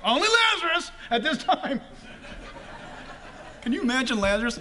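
Guy pastor preaching, real high voice, bouncy pitch, laughs and shouts a lot. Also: normal speed, pauses often. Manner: animated, shouts quotes, laughs often. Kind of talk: sermon.

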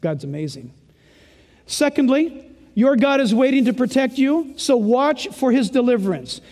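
A man preaching a sermon, emphatic and exclamatory, swinging from loud to hushed. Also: very high voice, lively intonation, moderate pace, long reverb tail.

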